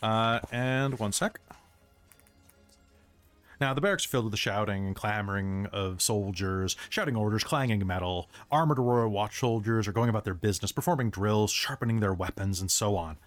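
Soft music plays behind a man with a fairly low voice who is running a tabletop game as game master. He narrates loosely at a moderate pace, full of fillers and restarts.

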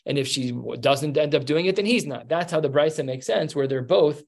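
A man's voice: on the high side, a little fast, creaky. Man teaching a Talmud class. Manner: explains step by step, acts out quoted lines. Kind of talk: Talmud lesson.

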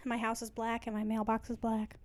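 A woman's voice: a little high, completely flat delivery, a little fast. A young woman chatting casually as a podcast co-host, rambling and laughing often. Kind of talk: casual chat.

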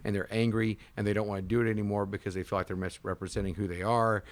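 A man with a somewhat low voice talks casually as a show guest. He rambles from point to point and animates his stories by putting on other people's voices. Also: quick pace. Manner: rambling, animated, breaks into impressions. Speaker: guest, bartender and bass player. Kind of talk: casual chat.

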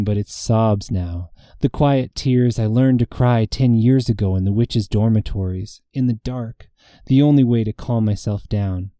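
A man narrating first-person fantasy fiction in a measured, intimate storytelling manner, giving the characters' lines in character. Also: fairly low pitch, mellow, dry recording, clean studio sound. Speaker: audiobook narrator.

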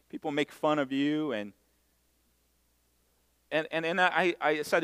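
A middle-aged man from Brazil, preaching a sermon and telling stories in a self-mocking, animated way. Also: fairly high pitch, unhurried, pauses often, clean tone. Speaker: pastor. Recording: long hall reverb.

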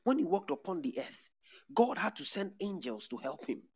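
A man's voice: sits high, normal speed, slightly rough. A man preaching a sermon to a congregation, calling out and speaking in tongues between scripture. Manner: preaching with lively rising calls. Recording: music playing behind.

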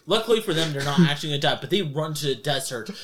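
A man's voice: on the high side, expressive, racing. A man running a tabletop game as game master, joking loosely and laughing often. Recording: group chatter and laughter behind.

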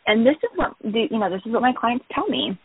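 A woman therapist calmly explaining her work in a podcast interview, often saying "you know". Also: on the high side, fast, breathy edge, dry recording. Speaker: therapist guest. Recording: tinny phone-line audio.

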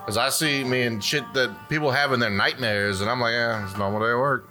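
A man's voice: medium pitch, fast talker, over music. A man who works in gas service, talking bluntly and matter-of-factly about the job in casual chat, with some swearing. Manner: blunt, matter-of-fact, profane.

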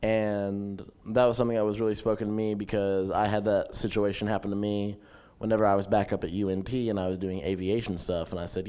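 A young man casually telling a funny camp story, animated and laughing as he goes. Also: fairly low pitch, fairly quick, clear, resonant tone. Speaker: camp attendee sharing a testimony.

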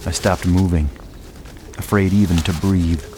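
Low-voiced male narrator for a dark horror tale, slow and grave, with a faint hiss of noise behind him. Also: steady tone. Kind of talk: scripted first-person horror narration.

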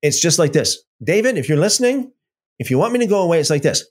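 A man's voice: fairly high pitch, big pitch swings, fast talker, a little mellow. A man hosting a casual livestream, rambling and taunting, repeating himself as he reads viewer comments. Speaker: livestream host.

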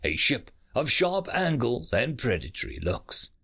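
A man narrating short science fiction stories as an audiobook, in steady, scripted storytelling. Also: mid-range voice, measured pace, creaky, husky.

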